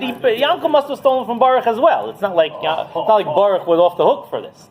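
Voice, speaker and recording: A man teaching as a rabbi, telling a story in a lively way and often asking "right?" as he goes. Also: high voice, brisk, few pauses, poor audio. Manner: animated, keeps asking "right?". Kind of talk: Torah class storytelling.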